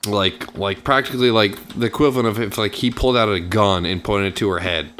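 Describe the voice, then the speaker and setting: A man with a lowish voice spins a meandering anecdote while playing a game. He piles on fillers and restarts and mimics the people in his story, and a faint background hum sits under the recording. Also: a little fast, a bit bright. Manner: rambling, filler-heavy, acts out quotes. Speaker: gaming channel host. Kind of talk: casual storytelling over gameplay.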